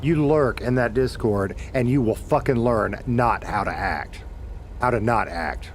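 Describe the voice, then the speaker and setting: A man's voice: mid-range voice, unhurried, slight background noise. A middle-aged man streaming a game from home, chatting casually with viewers, rambling and swearing as he corrects himself. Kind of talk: casual chat while gaming.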